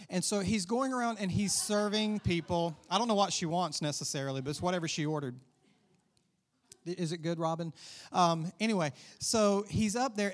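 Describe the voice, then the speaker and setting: A man, a pastor preaching a sermon in a conversational way with asides to the congregation. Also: high-pitched.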